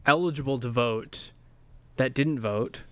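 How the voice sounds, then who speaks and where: Podcast co-host, male, smooth clear voice, dry close sound, jokey casual delivery. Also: mid-range voice, measured pace, dry recording. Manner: joking, chuckles at his own bits. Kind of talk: casual chat.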